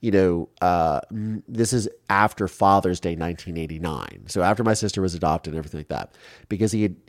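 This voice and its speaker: A man in his forties from Ohio, telling his life story in an interview in an animated way, acting out quotes and restarting often. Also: sits low, brisk, no echo, clean studio sound. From Ohio, USA.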